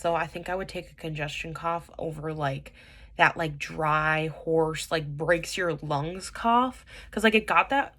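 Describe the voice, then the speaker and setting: A woman's voice: lowish voice, a bit bright. A young woman with a stuffy nose from a cold, rambling casually in a vlog with many fillers and restarts. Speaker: vlogger reviewing dramas.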